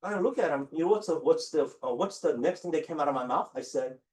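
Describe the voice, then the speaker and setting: A man teaching a high school chemistry class and telling stories, with an animated delivery that keeps asking the students "right?". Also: fast talker. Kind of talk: classroom lecture with storytelling.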